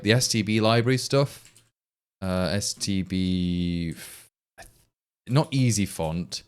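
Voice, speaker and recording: A programmer from Leicestershire, England, livestreams his coding, chatting casually, thinking aloud and answering viewers in an East Midlands accent. His voice is lowish and a little mellow, with a clean tone.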